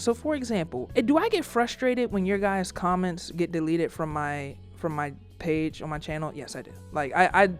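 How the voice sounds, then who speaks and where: A man vlogging casually from a small room with acoustic panels, ranting in a rambling, animated way and slipping into quick exaggerated voices for the people he imagines. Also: sits high. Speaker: YouTuber. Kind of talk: casual vlog rant to camera.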